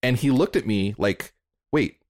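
A man hosting a podcast in casual interview chat, lively and acting out remembered dialogue with sudden jumps in pitch. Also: moderate pace. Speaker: podcast host.

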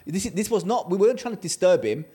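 An animated man tells a story on a podcast in casual chat, acting out each quote. His voice sits a little high and keeps moving. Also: fast talker, slightly rough. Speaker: podcast co-host.

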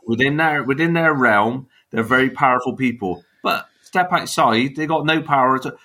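A man's voice: medium pitch, moderate pace, sharp tone. A man with a Bristol accent, an actor guesting on a podcast, chatting in an easygoing, rambling way. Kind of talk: casual podcast chat.

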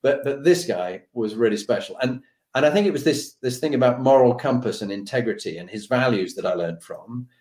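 A man recounts an army anecdote, acting out each voice in the story. His pitch rises and falls widely as he goes. The recording has a roomy echo. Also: brisk. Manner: acts out dialogue with lively voices and laughs. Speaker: storyteller recalling army days. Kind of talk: animated anecdote telling.

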